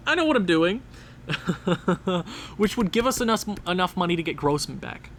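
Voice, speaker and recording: A man giving casual, excitable gameplay commentary, talking straight to the game as he plays. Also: sits high, moderate pace, a little hiss or hum. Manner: excitable, talks to the game and players. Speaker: gaming channel host.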